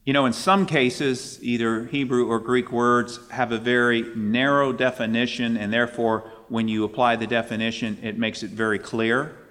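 Guy preaching a sermon, mid pitch, gets loud and high on the quotes, long hall echo. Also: flat delivery, normal speed, few pauses. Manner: emphatic, rising pitch on questions and scripture quotes.

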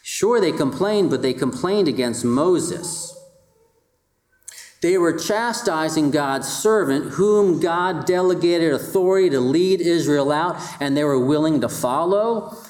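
A man preaching a sermon, speaking with his listeners more than at them and leaning on rhetorical questions. His voice sits a little high. The room around him rings with echo. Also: a little slow, a little mellow. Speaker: pastor.

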